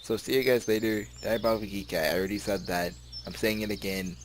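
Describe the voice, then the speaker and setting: A man's voice: on the low side, fairly even intonation, fairly quick, noisy background. A man at home in his bedroom, reading a visual novel's text aloud and chatting about it in a rambling, giggly way, often tripping over his words. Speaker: let's play gamer. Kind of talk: casual let's play commentary, reading game text aloud.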